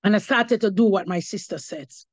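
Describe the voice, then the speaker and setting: A woman's voice: mid-range voice, normal speed, no echo. A woman giving her testimony as an apostle, preaching to a congregation and slipping between English and patois, rising to emphatic cries of praise.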